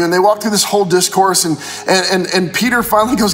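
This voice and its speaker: High-voiced pastor in echoing hall. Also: male voice, fast talker, fairly bright tone, faint music behind. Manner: retells scripture in slangy everyday speech. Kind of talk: casual devotional sermon.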